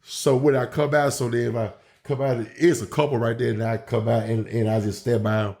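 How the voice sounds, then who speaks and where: A man talks in an easy, loose way, circling back and restarting his sentences as he tells stories from the ring. His voice sits at a middling pitch, the way a guest talks in a relaxed chat. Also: fairly quick. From Memphis, Tennessee, USA. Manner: loose, rambling, many restarts and fillers. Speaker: pro wrestler, guest host. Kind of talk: casual storytelling chat.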